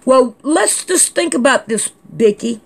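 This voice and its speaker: A woman's voice: high voice, animated, unhurried, vocal fry. A woman hosting a casual vlog, reading out viewer comments in a chatty, scolding, drawling way. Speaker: channel host reading comments.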